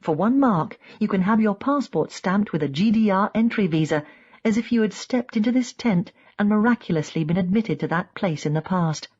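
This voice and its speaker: A woman's voice: expressive, moderate pace, darkish tone, slightly rough, lo-fi sound. Woman reading an audiobook in first person. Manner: reads in first person, voicing quoted speakers with raised pitch. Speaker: audiobook narrator. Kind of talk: scripted narration.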